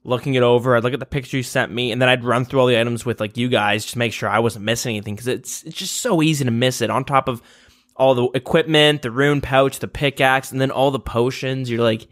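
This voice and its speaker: A man's voice: medium pitch, steady tone, fast talker, a bit bright. A man co-hosting a casual gaming podcast, agreeing easily and chatting through a short story of his own. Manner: easygoing, agreeable listener with short backchannels. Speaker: podcast co-host.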